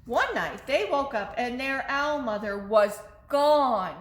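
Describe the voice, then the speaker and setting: A woman's voice: high-pitched, expressive, slow, hardly any pauses, fairly bright tone. A woman in her thirties, a children's librarian leading story time, cheerful and coaxing with young children. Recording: echoey room.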